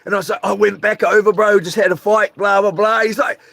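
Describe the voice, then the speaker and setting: A middle-aged man spins a rambling, animated story and acts out the voices and sound effects. His voice sits high for a man. The sound is dry and close. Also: fairly quick, vocal fry, no room sound. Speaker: vlogger. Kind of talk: casual storytelling.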